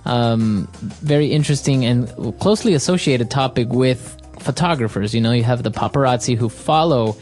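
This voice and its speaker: A co-host of an English lesson podcast who guides the talk and reacts with quick affirmations. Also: mid-range voice, a little mellow, soft background music. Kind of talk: explaining vocabulary.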